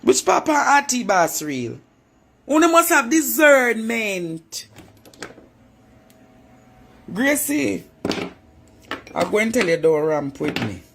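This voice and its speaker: A woman's voice: fairly high pitch, big pitch swings, slow, vocal fry, long pauses, fairly bright tone, a little hiss or hum. A Jamaican woman in a taunting, preacher-like monologue, repeating her phrases for effect. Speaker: vlogger. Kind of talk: confrontational monologue.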